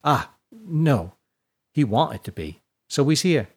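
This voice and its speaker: A man's voice: medium pitch, sing-song, takes it slowly, slightly rough, heavily acted. A man voicing a bold, defiant young girl prisoner from Northern England, with a raised, chirpy voice and brash, scoffing dialect speech.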